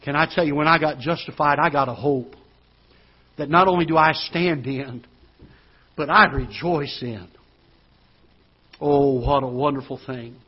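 A man preaching a sermon as pastor, moving from hushed storytelling to loud, rising preaching. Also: a little high, a little slow, long pauses, husky. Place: church auditorium. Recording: dull lo-fi church broadcast.

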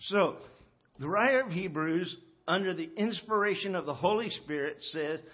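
A man's voice: high voice, animated, normal speed, breathy edge. A man preaching a sermon from the pulpit in a folksy, joking way, often checking in with the congregation. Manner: folksy, joking, talks to the congregation with frequent "okay?". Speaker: pastor. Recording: muffled church audio recording.

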